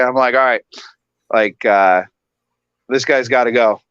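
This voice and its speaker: A man on a casual talk show, animated and laughing often as he tells a story. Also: mid-range voice, fairly quick, no echo, muffled recording. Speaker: guest.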